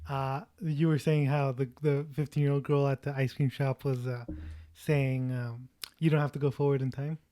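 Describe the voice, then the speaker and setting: A podcast co-host chatting casually about a film, relaxed and agreeable. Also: medium pitch, moderate pace. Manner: relaxed, agreeable, laughs often. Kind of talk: casual chat.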